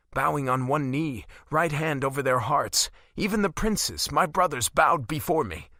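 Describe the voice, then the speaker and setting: Bright, animated male audiobook narrator. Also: mid-range voice, dry recording, studio quality. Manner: dramatic, emotionally charged delivery. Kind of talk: first-person scripted narration.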